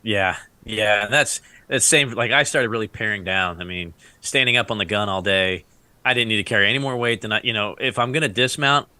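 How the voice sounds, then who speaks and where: Speaking as a guest on a casual podcast, an Iraq War veteran tells stories in a fairly low, sharp voice at a brisk clip with no room sound. He rambles, laughs a lot, and acts out what other people said.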